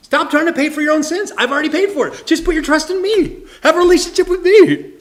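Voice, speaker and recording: A preacher voicing an urgent, loving savior. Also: male voice, very high-pitched, fast talker, pitched above the performer's own voice. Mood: pleading. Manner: urgent, pleading commands. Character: loving, insistent male savior figure pleading. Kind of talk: sermon.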